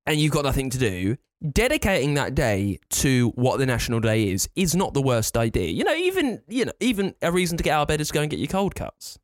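Animated man ranting. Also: mid-range voice, quick pace, hardly any pauses, no echo, clean studio sound. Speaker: podcast co-host. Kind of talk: casual chat.

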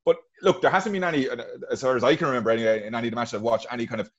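A man talks quickly through a casual sports chat, tripping over and repeating his words. His voice comes through a dull, muffled call line. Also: mid-range voice, lively intonation, breathy edge. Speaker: panelist on a call. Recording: dull remote call audio.

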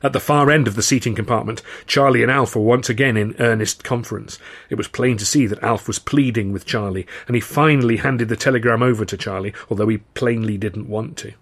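A man, the author, reading his novel aloud in measured, dry first-person narration. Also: mid-range voice, a bit bright, husky.

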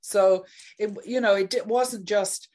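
An older woman chatting casually, reminiscing slowly and deliberately, sometimes searching for words. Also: medium pitch, fairly even intonation, a little mellow. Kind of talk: casual chat.

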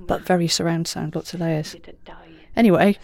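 Chatty Welsh woman, lower voice. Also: moderate pace. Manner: chatty, animated. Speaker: voice actor. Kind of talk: casual reminiscing chat.

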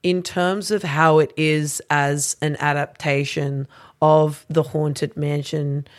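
Halting woman podcast guest. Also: deep voice, level tone. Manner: halting, full of restarts and fillers. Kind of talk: casual chat.

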